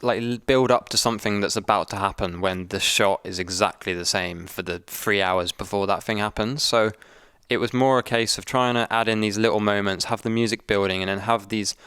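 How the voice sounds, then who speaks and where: A young man, a video editor, calmly explaining his editing choices with dry humour. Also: lowish voice, a little fast, clean tone, dry recording. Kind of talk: casual breakdown chat.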